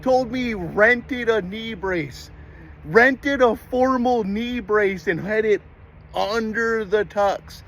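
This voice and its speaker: A young man from the United States delivering a comedic rant monologue, exasperated and animated, slipping into quick put-on voices for the people he mocks. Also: sits high.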